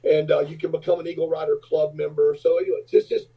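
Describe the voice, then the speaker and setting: Husky fifties rock-star guest, rambling storyteller, dull lo-fi audio. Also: male voice, a little high, flat delivery, quick pace, distant mic. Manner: rambling, filler-heavy anecdotes. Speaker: podcast guest, rock singer and entrepreneur. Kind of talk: casual storytelling.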